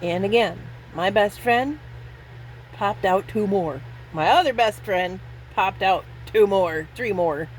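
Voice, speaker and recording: A woman in her fifties drifts through memories at an unhurried pace, laughing at herself as she loses count. The tone is casual and self-deprecating, and a faint background hum sits under her voice. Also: mid-range voice, poor audio. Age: 50s. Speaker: vlogger. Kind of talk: casual storytelling vlog.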